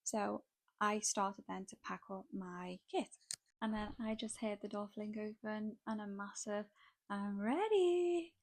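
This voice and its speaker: A woman's voice: mid-range voice, little pitch movement, measured pace. A young woman, a makeup artist, telling a dramatic gossipy story in a casual chat full of "like" fillers.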